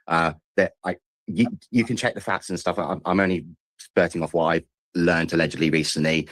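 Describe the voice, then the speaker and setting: Fast-talking deep-voiced British man. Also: steady tone, fairly bright tone, dry recording. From Britain. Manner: rushed, stammering, repeats words. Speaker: caller. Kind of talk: call-in rant.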